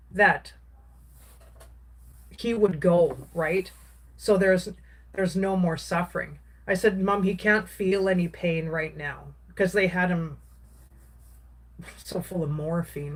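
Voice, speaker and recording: A woman, a craft vlogger, casually recounting a personal story in a rambling way, with many restarts and filler words. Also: on the low side.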